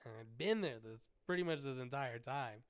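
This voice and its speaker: A man hosting a podcast, telling an animated story with heavy cursing and frequent restarts. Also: mid-range voice, moderate pace, clear, resonant tone, no echo, clean studio sound. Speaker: podcast host. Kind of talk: casual solo storytelling.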